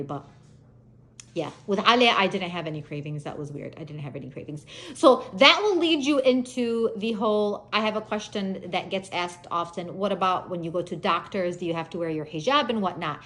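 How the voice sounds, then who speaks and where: A woman in her thirties chatting casually to her viewers, telling funny family stories with lively, laughing delivery. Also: lowish voice, brisk. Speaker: vlogger. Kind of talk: casual storytelling chat.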